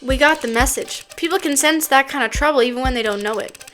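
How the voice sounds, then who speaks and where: A plain, slightly dull young patrolman with a southern drawl, telling his story slowly and hesitantly, as a woman puts him on. The voice sits high for a man. It comes from a game read aloud on a stream. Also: a bit bright, soft background music. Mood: testifying. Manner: slow storytelling testimony, hesitant.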